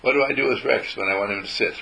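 A man giving a gentle spiritual talk to a group, telling stories and acting out how he talks to his dog. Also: mid-range voice, fast talker, gravelly, a little hiss or hum, low-quality recording.

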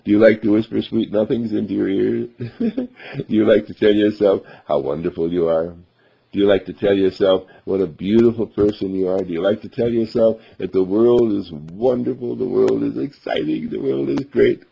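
A man's voice: fairly low pitch, normal speed, gravelly, husky, muffled recording. A man giving an earnest, upbeat self-affirmation monologue as a motivational speaker, repeating his affirmations.

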